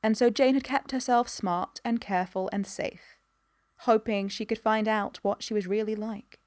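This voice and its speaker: Woman reading a story aloud, steady, dry close sound. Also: mid-range voice, normal speed, no room sound. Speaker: narrator. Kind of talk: storybook narration.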